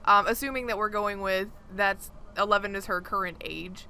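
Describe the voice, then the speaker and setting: A woman co-hosting a podcast in casual chat, animated and quick to laugh. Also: medium pitch, a little hiss or hum. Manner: animated, laughs often, talks in bursts. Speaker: podcast co-host.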